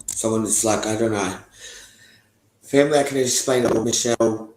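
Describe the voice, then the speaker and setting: Young guy, low-pitched, loose and profane, recorded in a roomy echo. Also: moderate pace, darkish tone. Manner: rambling, heavy swearing, frequent laughs. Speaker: interviewee giving testimony. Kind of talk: candid casual talk. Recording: echoey room.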